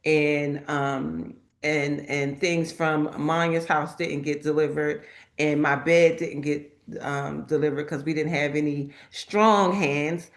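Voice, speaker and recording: A woman's voice: deep voice, takes it slowly. A woman hosting a casual live chat, telling stories and acting out the people she quotes. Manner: lively storytelling that acts out quoted people. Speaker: host.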